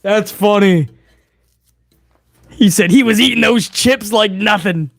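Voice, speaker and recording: A fairly high-pitched man chats excitedly to his viewers on a live stream, casual and profane, tossing in "bro" and "man." The sound is close and dry, with no room around it. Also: takes it slowly, creaky, no room sound. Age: older adult fan. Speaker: livestream host reacting to wrestling. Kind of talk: live reaction stream commentary.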